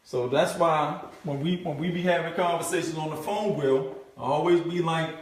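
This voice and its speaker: A man coaching a group on marketing, talking in a fairly high voice and acting out his prospects' thoughts. He keeps checking in with "right?" and repeats his points. The sound is heavily echoey, with the mic set well away from him. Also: moderate pace, few pauses. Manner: animated, acts out prospects' thoughts; repetitive, asks "right?" often. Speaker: network marketing trainer. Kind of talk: live group coaching session. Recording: very echoey room, mic far off.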